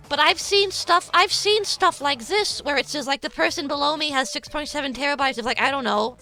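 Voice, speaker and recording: Woman streamer, sharp bright tone, casual reaction commentary, swears freely. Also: high-pitched, brisk, hardly any pauses, soft background music. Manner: incredulous, swearing, laughs often.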